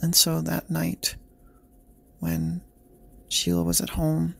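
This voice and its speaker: Male bedtime-story narrator: gentle, slow, husky, flat. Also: a little high.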